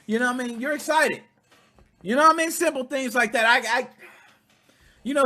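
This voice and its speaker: A man in his thirties hosting a casual video game podcast, talking freely with swearing and sudden loud outbursts between quieter asides. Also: extremely high pitch, a little fast, long pauses. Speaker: podcast host.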